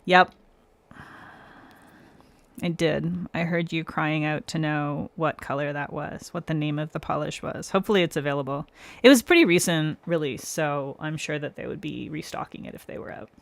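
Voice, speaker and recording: A woman's voice: low voice, moderate pace, creaky, no echo. A woman hosting a nail art livestream, chatting casually with viewers by name, laughing often and explaining her steps as she works. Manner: explains step by step while working. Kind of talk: casual live-stream chat.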